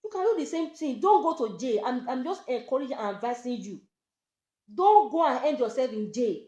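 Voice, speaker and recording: A woman's voice: high-pitched, lively intonation, brisk, warm tone, reverberant, lo-fi sound. A Nigerian woman, a social media presenter talking to camera, pleading and scolding again and again.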